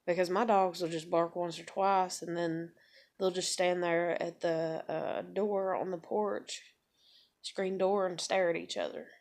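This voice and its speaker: A woman's voice: lowish voice, flat delivery, a little slow, a little mellow. Rambling, swearing woman in her thirties. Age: 30s. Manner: rambling, profane, frustrated. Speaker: vlogger. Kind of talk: casual venting monologue. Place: room at home.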